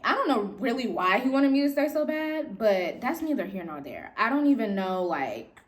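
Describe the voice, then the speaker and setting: A young woman telling a story from her own life, chatty and playful. Her voice sits fairly high and leaps up and down a lot, with dramatic jumps for emphasis. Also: big pitch swings, normal speed, few pauses. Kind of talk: casual storytime.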